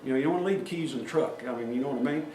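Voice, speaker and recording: A folksy man with a dark, mid-range voice talks rapid-fire, telling plain-spoken stories to a workplace safety meeting and acting out quoted voices. Captured from far off in an echoey meeting room, he sounds distant, and there is faint noise.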